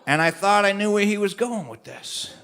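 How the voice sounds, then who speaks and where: A male storyteller telling a funny tall tale to a live audience, animated with comic timing and laughing along. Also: high-pitched, normal speed. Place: live stage performance.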